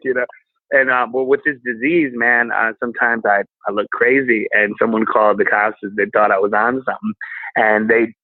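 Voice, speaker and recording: A man who is a guest comedian, telling candid personal stories in a casual, animated way. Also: mid-range voice, no room sound. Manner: candid and animated, with quick laughs. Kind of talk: casual storytelling. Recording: tinny phone-like line.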